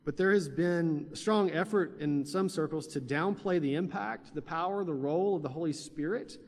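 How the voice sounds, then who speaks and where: A man's voice: a little high, moderate pace. A man preaching a sermon in a conversational way, with fillers and restarts. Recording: long hall reverb.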